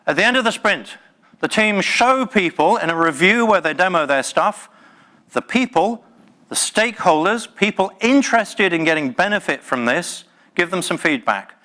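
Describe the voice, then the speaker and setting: A man's voice: sits high, lively intonation, moderate pace, pushed and bright. A man giving a live talk at a tech conference, passionate and emphatic, with playful jokes to the room. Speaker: conference speaker.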